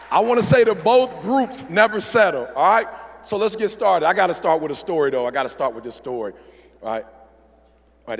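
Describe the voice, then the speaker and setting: A middle-aged man drives home his motivational speech in a punchy, preacherly way, checking in with the crowd. His voice sits high and rough with a gravelly fry. It is heard through a stage microphone with the long reverb of a big event hall. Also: fairly bright tone. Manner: preacherly, punchy call-and-response. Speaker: motivational speaker.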